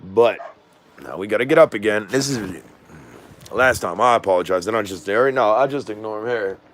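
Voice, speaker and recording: A man's voice: on the low side, moderate pace, a little hiss or hum. A man casually vlogging from his home, rambling and losing his train of thought, with a slangy way of talking and a voice he says is off. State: says his voice is not normal. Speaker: drone vlogger. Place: at home indoors.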